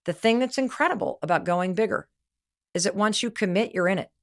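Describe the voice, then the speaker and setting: A woman's voice: mid-range voice, brisk. A middle-aged woman giving a motivational talk, candid and emphatic, telling stories and acting out what people said. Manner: candid, emphatic storytelling with quoted voices. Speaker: podcast host and speaker.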